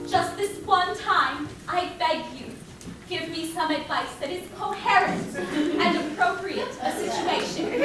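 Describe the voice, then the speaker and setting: An actress on stage playing a flighty, theatrical young bride in a breathless, melodramatic manner. Heard from afar in an echoey hall with loud music. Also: female voice, very high voice, distant mic.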